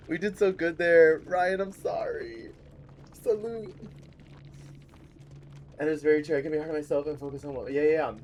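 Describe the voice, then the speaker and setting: Excitable, high-voiced male streamer. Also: unhurried, pauses often, a little hiss or hum. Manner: excitable, cheers and laughs often. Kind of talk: casual gaming livestream chat.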